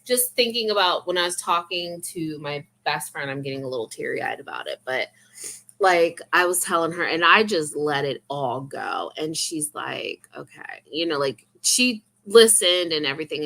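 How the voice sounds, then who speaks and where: A woman's voice: lowish voice, bright, forceful tone. A young woman vlogger in casual, rambling, confessional chat full of fillers.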